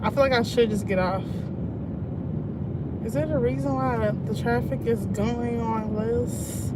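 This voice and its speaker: A woman, chatting casually to her live-stream viewers from her car in traffic, greeting them by name and breaking into loud laughs. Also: on the high side, fairly even intonation, a little slow. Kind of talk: casual live-stream chat while driving. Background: faint road and traffic noise.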